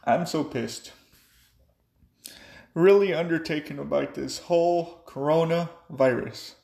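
A man's voice: on the high side, measured pace, vocal fry, darkish tone. A young man ranting angrily and profanely in a monologue. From United States. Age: young adult. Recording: echoey room.

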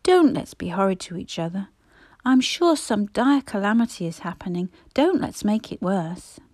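A woman voicing Roberta, a sensible, earnest eldest girl who pleads gently, in a storybook reading. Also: mid-range voice, sing-song, moderate pace, dry recording.

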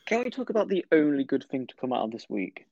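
A man's voice: fairly high pitch, very animated, quick pace, a little mellow, no echo. Young man, jokey, teasing, dry room, muffled lo-fi call audio. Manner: jokey, teasing, tells anecdotes. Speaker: podcast co-host. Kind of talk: casual chat.

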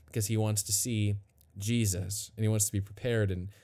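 A man teaching a Bible passage in a casual, conversational way, retelling the story with lively asides. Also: on the low side, normal speed. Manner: conversational, animated retelling with acted quotes. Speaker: pastor.

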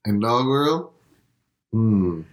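Male podcast co-host, laid-back joker, animated intonation, echoey with faint music. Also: fairly low pitch, very slow. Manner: laid-back, joking, chuckling. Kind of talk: casual chat.

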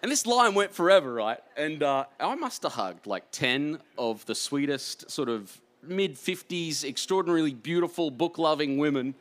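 A man, an author, telling rambling, animated stories in a live on-stage interview. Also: fairly high pitch, moderate pace, few pauses. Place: stage before a live audience.

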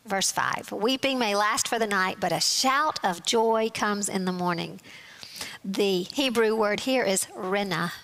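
A woman teaching a Bible study, explaining scripture in a measured way and reading verses aloud. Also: mid-range voice, a bit bright.

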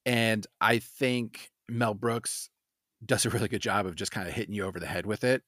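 Animated podcast man, dry mic. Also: on the low side, normal speed, no room sound. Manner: animated, acts out quotes in silly voices. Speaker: podcast co-host. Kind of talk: casual chat.

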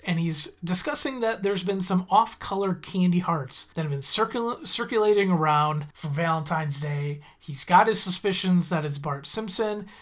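A man's voice: fairly high pitch, fairly bright tone. Rambling man recapping an episode. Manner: rambling, goes off on tangents, self-correcting. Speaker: podcast host recapping a cartoon episode. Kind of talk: casual chat.

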